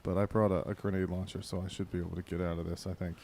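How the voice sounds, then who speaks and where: Brief: mellow, low-toned man hosting, crude deadpan banter. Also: racing. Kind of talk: casual comedic chat.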